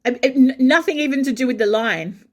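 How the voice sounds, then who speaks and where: A woman, an opera singer, telling a backstage anecdote in an animated way and breaking into sung phrases. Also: sits high, brisk. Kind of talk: storytelling anecdote.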